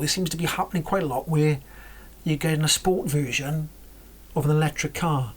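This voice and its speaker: A woman with a low, husky voice chats away about cars in a loose vlog. She rambles and corrects herself as she goes, sometimes dropping to a whisper for an aside. Her tone stays casual and conversational throughout. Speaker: car vlogger.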